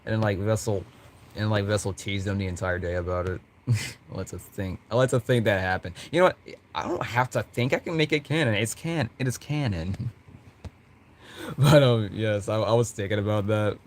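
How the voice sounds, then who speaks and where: A man with a fairly low voice rambles casually about his characters, giggling as he goes. He keeps tripping over his words and restarting sentences, and a faint hiss runs behind him. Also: normal speed. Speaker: content creator.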